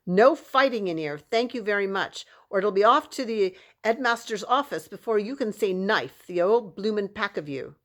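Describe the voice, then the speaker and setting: A woman voicing a stout, bossy school lunch lady with an English accent, loud and scolding. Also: medium pitch, expressive, moderate pace, hardly any pauses, natural voice.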